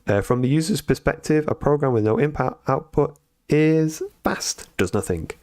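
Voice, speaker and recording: A man on a live stream reading programming lessons aloud and thinking out loud as he codes, with frequent ums and restarts. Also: fairly high pitch, normal speed, dry recording, studio quality. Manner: thinks aloud with many fillers and self-corrections. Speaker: streamer learning to code.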